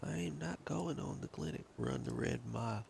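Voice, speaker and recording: A man's voice: mid-range voice, moderate pace, vocal fry. A man streaming a game, casually muttering to himself, reading menus aloud and trying silly voices. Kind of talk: casual gameplay commentary. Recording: loud background noise.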